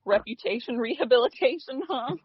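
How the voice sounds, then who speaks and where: A woman's voice: on the high side, animated, fairly quick, breathy edge, no echo. Sardonic woman podcast co-host, dry lo-fi sound. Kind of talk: casual comedic chat. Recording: dry, muffled lo-fi podcast audio.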